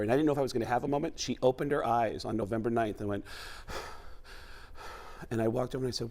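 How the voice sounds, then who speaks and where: Talk-show guest, man from New York, mid-range voice, lively storyteller who slips into impressions. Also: mid-range voice, quick pace. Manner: animated storytelling, breaks into voices. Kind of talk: casual talk-show chat.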